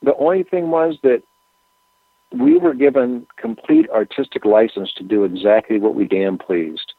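A man's voice: fairly low pitch, normal speed, vocal fry, breathy edge, no room sound. Man telling stories over a tinny phone line. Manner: relaxed, rambling anecdotes with frequent fillers. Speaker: musician guest. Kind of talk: casual interview storytelling.

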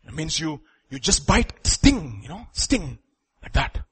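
A man's voice: fairly high pitch, sing-song, takes it slowly, fairly bright tone, breathy edge. A man preaching a sermon to his congregation, with emphatic outbursts. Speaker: pastor.

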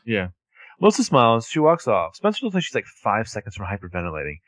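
A man co-hosting a podcast, recapping a TV episode in animated, sarcastic casual chat, full of "like". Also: fairly low pitch, quick pace, no room sound. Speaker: podcast co-host.

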